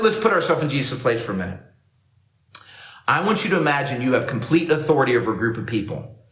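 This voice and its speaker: A man's voice: mid-range voice, a bit bright. A man preaching a sermon to a camera for online worship, talking in a conversational way and acting out the lines he quotes. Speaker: pastor. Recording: roomy echo.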